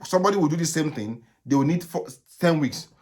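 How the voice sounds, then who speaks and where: Nigerian male doctor, fairly high-pitched, fielding live questions, brisk and repetitive. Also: lively intonation, a little mellow. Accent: Nigerian English. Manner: brisk, repetitive advice with frequent "okay?". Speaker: gynaecologist answering live viewer questions. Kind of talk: live Q&A stream.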